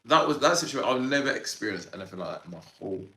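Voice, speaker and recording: A man in his thirties, a podcast guest, telling a story in an animated, slangy way with lots of fillers. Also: mid-range voice, very fast, echoey room, low-quality recording. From Sudan, raised in Ireland. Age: 30s. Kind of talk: casual storytelling interview.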